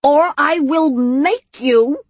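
A woman's voice: medium pitch, sing-song, unhurried, breathy edge, dry recording. A woman voicing a bossy old witch who scolds and bellows at others in a storybook reading. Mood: scolding.

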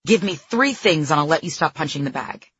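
A pushy female trainer and life coach, played by a woman reading her memoir, louder and higher than the narration. She snaps out pointed questions like a drill sergeant. The husky voice sits in a dry, slightly muffled recording. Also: lively intonation, fairly quick, no room sound, heavily acted. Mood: insistent.

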